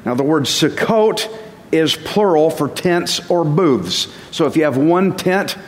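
A man's voice: fairly high pitch, expressive, takes it slowly. A man giving a casual sermon as a Bible teacher, conversational and self-deprecating, chuckling at himself now and then. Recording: long reverb.

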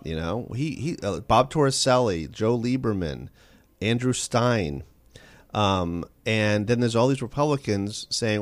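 A man being interviewed as an author on a call-in radio show, telling stories in a quick, animated way with frequent restarts. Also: fairly low pitch, dry recording. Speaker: author guest.

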